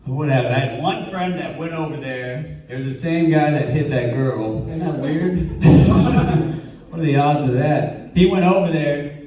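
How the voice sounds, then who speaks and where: A man's voice: fairly high pitch, unhurried, dark tone. A young man telling crude stories in stand-up, laughing at his own jokes. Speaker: stand-up comedian. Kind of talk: stand-up storytelling. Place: art gallery before a live audience. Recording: echoey room from far off.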